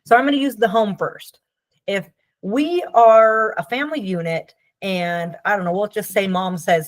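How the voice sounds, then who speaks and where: A woman's voice: mid-range voice, moderate pace, no echo. A woman therapist explaining ideas in a casual, conversational teaching style, often checking in with "Okay?" and playfully acting out the people she quotes. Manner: acts out quoted voices playfully.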